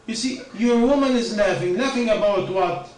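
A man's voice: high voice, normal speed, darkish tone, roomy sound, distant mic, slight background noise, poor audio. A man giving an informal religious talk, firing rhetorical questions and answering them himself. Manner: questioning, rhetorical, non-native phrasing. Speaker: preacher.

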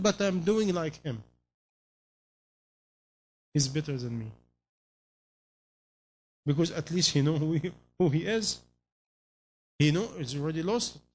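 A man's voice: fairly high pitch, slight background noise. A man preaching a sermon in non-native English phrasing, pressing his listeners with repeated rhetorical questions.

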